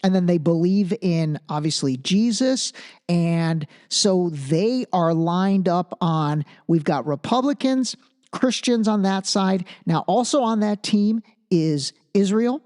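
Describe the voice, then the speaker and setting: A man's voice: sits high, expressive, takes it slowly, darkish tone. A man hosting a solo podcast, talking casually and thinking aloud, restarting phrases and checking in with the listener. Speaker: podcast host.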